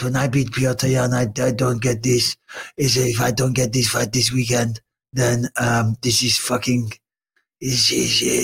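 A man imitating an annoyed male fighter who complains in halting, broken English, a bit lower and slower than his own voice. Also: gravelly, slightly rough.

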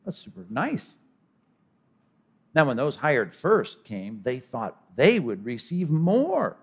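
Here a pastor preaches expositorily with a husky, mid-range voice and a slow pace. He stays conversational and animated, breaking into characters' voices during asides.

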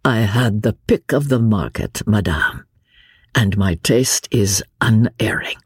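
A woman's voice: extremely low pitch, expressive, takes it slowly, darkish tone, breathy edge, dry recording, clean studio sound, full character voice. Woman reading as a drawling jovial fop lord. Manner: drawling, affected oaths, good-humoured. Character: lazy foppish English nobleman, drawling and jovial. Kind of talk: audiobook character reading.

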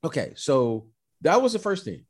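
Middle-aged guy chatting, lively swooping voice, a bit high, really emphatic. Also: normal speed, husky. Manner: animated storyteller, repeats the host's name, emphatic. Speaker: former basketball player, guest. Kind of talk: casual chat.

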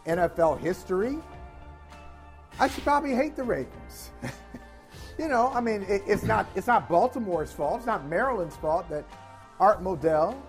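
Man, sports talk host, high voice, opinionated, faint music behind. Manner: opinionated, animated, stumbling restarts. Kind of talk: casual sports debate.

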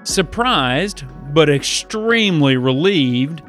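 A male pastor who hosts a Bible podcast, telling stories and teaching preteens in an upbeat, animated way. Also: on the high side, slow, faint music behind.

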